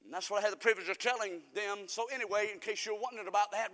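A pastor preaches with a high, bright voice that rings out into a long reverberant church hall. He swings from shouted declarations down to low, confiding asides. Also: steady tone, racing, few pauses. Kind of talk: fiery sermon.

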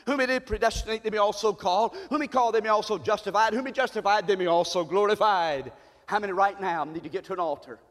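A middle-aged American man preaching a sermon in church, swinging from low murmurs to high shouted cries. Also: fast. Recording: long hall reverb.

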